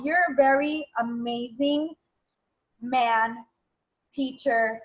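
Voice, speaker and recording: A woman hosting an interview, praising her guest warmly and plugging his events in a casual chat. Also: sits high, low-quality recording. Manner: warm, effusive praise. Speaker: interview host.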